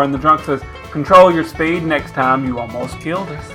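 A man's voice: fairly high pitch, moderate pace, over music. A man co-hosting a comedy radio show, telling jokes and doing the characters' voices. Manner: storytelling, does voices for joke characters. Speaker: co-host.

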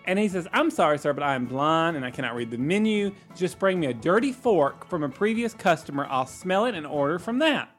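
A man's voice: a little high, very animated, fairly quick, hardly any pauses, a bit bright, faint music behind. A man telling jokes in a casual chat, drawing out his stories and chuckling at his own punchlines.

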